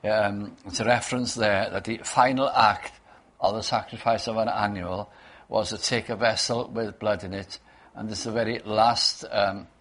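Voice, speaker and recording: A man with a fairly low voice gives an evening Bible talk at a prayer meeting. He speaks in an unhurried way, circling back to repeat key words and reading out old-fashioned scripture. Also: a bit bright. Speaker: preacher leading a prayer meeting.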